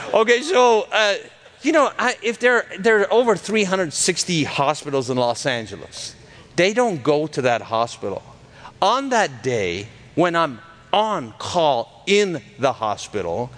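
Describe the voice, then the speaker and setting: A man in his thirties, a cardiologist and guest speaker at a church, telling an excitable testimony sermon, acting out dialogue and laughing mid-sentence. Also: on the high side.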